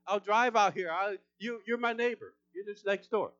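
A man preaching a sermon, shouting with intensity at times and then talking calmly and confrontationally. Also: sits high, moderate pace, no echo, dull audio. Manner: intense, shouting preaching that drops to calm talk.

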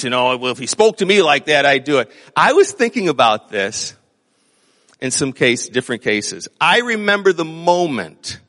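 A man's voice: mid-range voice, sharp tone, in a large hall. A middle-aged man preaching a sermon in a conversational way that swells into emphatic exhortation. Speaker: pastor.

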